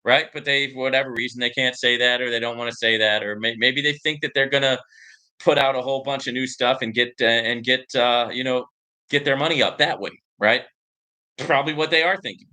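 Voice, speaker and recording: Bright-voiced man rambling to viewers. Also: mid-range voice, brisk. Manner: rambling, many fillers and "right?" tags. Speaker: livestream host. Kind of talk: casual chat answering viewer comments.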